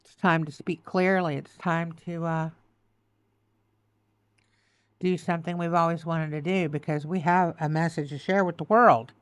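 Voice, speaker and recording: A woman's voice: low-pitched, fairly even intonation, moderate pace, no room sound. A woman giving a tarot reading, choked up and tearful, repeating soothing affirmations. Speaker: tarot reader.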